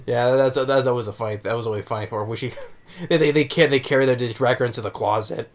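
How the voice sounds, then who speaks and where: Man, casual movie vlog, halting, lots of fillers and restarts. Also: mid-range voice, background noise. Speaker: movie reviewer.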